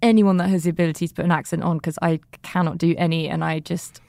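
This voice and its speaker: A woman's voice: on the low side, fairly even intonation, quick pace, creaky, a little mellow, no room sound. A British woman hosting an interview, asking questions in an inquisitive, wry way. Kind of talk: conversational interview.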